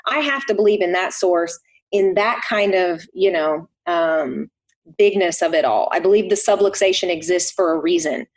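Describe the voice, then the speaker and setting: A middle-aged woman, a chiropractor guest on a podcast, telling a personal story in an earnest way. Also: medium pitch. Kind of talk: casual conversation.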